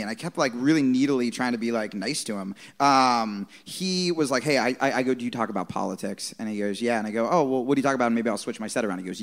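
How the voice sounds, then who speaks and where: A man's voice: medium pitch, fairly bright tone. A comedian man telling a story on a live stage podcast, acting out the people he quotes. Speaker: comedian guest.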